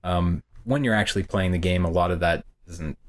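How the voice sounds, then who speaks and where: A man's voice: deep voice, a little fast. A man who reviews games, co-hosting a podcast in casual chat, with dry, matter-of-fact and blunt opinions. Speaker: game reviewer and podcast co-host.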